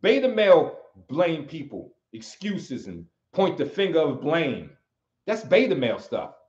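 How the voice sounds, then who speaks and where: A man's voice: fairly high pitch, wildly swooping pitch, measured pace, a little mellow. An American man hosting a livestream, giving an emphatic, preachy motivational talk and hammering on key phrases over and over. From United States. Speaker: livestream host and martial arts teacher. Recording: roomy, slightly dull audio.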